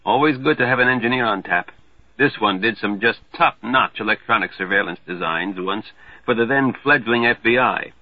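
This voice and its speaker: Smooth tycoon, put on by a man narrator, compassionate, breezy, lowish voice, storybook, phone-like sound. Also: dry recording. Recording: tinny dry lo-fi phone-like sound.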